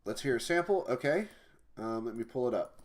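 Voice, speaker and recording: A man's voice: mid-range voice, expressive, brisk. A man who develops indie games, chatting casually on a livestream and rambling with fillers and restarts, with his mic held off to the side. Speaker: indie game developer streaming. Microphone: mic held off to the side, no pop filter. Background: faint music.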